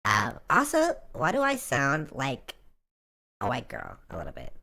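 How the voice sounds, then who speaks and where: A man's voice: wildly swooping pitch, a little slow, gravelly, pushed and bright, exaggerated voice. Man through a voice changer as a valley-girl babe. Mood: amused. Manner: drawling, says "like" a lot. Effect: pitch-shifting voice changer.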